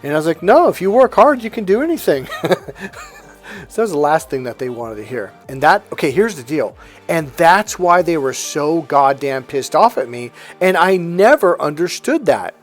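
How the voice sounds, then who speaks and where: A man's voice: on the high side, animated, normal speed, soft background music. A middle-aged man talking bluntly and with profanity to camera as a self-help coach, acting out what family members said. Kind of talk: casual monologue to camera.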